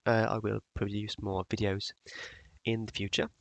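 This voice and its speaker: A man's voice: on the low side, little pitch movement, moderate pace, gravelly, dry recording. A man presenting his model builds in a casual tutorial vlog, hesitant with many fillers.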